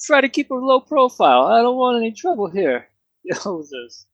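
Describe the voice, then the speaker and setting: A man's voice: sits high, big pitch swings, measured pace, gravelly, slightly rough, dry recording, muffled recording, pitched above the performer's own voice, exaggerated voice. A man voicing a shifty male pub owner in a jokey Canadian-style accent during a tabletop game. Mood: chummy. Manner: chummy, cheeky overcharging banter. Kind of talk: tabletop role-play voice.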